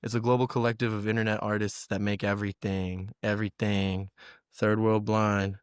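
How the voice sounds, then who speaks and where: A man's voice: fairly low pitch, flat delivery, normal speed, clear, resonant tone, dry recording, clean studio sound. A man co-hosting a podcast, chatting in a rambling, loose way and swearing casually. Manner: rambling, loose, swearing, drifts into silly bits. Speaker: podcast co-host. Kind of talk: casual chat.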